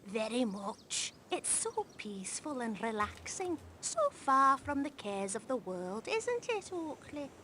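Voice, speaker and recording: A slightly high, sing-song female voice moves at a slow pace with hardly any pauses, bright and forceful, in a full character voice with a little hiss or hum. It's video game voice acting: an actress portrays a gossipy middle-aged wife on holiday with a northern English accent. Gushing and chatty, she keeps prompting her husband and looking to him for agreement.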